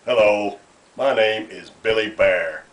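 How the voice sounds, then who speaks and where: A man's voice: on the low side, slow pace, a bit bright. A man voicing a friendly, hungry male bear puppet who talks about cake. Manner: friendly, chatty about food.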